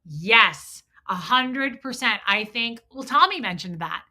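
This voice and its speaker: A woman hosting a livestream, telling a story in a blunt, profane, animated way and acting out both sides of old arguments. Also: fairly high pitch, slow pace. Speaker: host.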